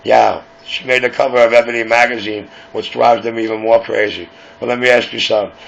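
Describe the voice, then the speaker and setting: The host of a late-night radio show, a man with a New York accent, talks casually in a rambling, conspiratorial way. His mid-range voice is flat, brisk and fairly bright, with vocal fry, heard on a dull lo-fi recording with faint hiss.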